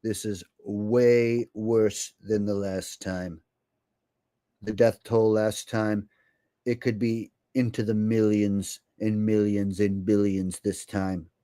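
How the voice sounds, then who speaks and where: Man doing an impression of an older politician, solemn, drawn-out, deeper than usual, dry close sound. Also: level tone, dark tone, smooth, no room sound. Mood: grave. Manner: slow, solemn, drawn-out delivery. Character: older male politician making a grave televised appeal.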